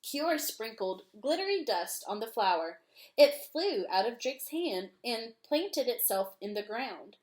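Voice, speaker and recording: A woman reading a children's chapter book aloud at a slow, unhurried pace. Her pitch sits fairly high and moves a lot. She breaks off now and then for chatty asides to her listeners. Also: big pitch swings. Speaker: storybook reader.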